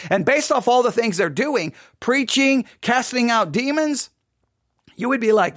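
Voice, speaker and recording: A man preaching a sermon, emphatic and repetitive, firing off rhetorical questions and sometimes dropping into quiet asides. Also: very high-pitched, normal speed, no echo, studio quality.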